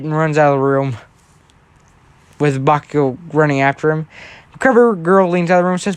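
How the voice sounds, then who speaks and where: A man's voice: fairly high pitch, a little fast, long pauses, clear, resonant tone, no echo. A young man casually telling a fan-fiction story, rambling and often checking in with "right?". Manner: rambling, with frequent restarts and "right?".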